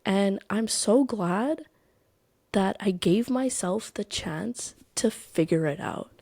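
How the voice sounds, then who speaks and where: A woman's voice: medium pitch, lively intonation, slow, darkish tone, no echo. A young adult woman hosting a podcast, talking candidly and emphatically about her own life, swearing for emphasis. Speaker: podcast host. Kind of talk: personal podcast monologue.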